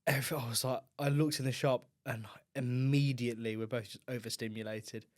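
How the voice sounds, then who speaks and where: A man's voice: mid-range voice, fairly even intonation, a little fast. Wry man grumbling. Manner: wry, petty complaining with swearing. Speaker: podcast co-host. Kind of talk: casual chat.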